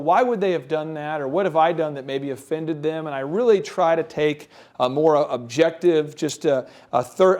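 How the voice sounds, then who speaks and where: Animated, joking higher-voiced man. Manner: animated storyteller, acts out other people's voices; jokey and self-deprecating. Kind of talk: casual business podcast chat.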